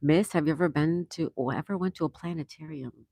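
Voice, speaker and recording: A woman's voice: low voice, a little fast, dark tone, no room sound. A woman hosting a livestream, chatting casually and greeting viewers by name as she reads their comments aloud. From Florida. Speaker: livestream host.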